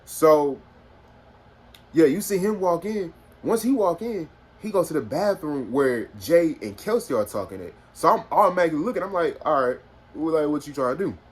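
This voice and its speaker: A man's voice: fairly high pitch, husky. Rambling man telling a story. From Houston, Texas. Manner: rambling, filler-heavy, animated retelling. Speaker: vlogger. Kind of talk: casual storytime. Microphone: phone.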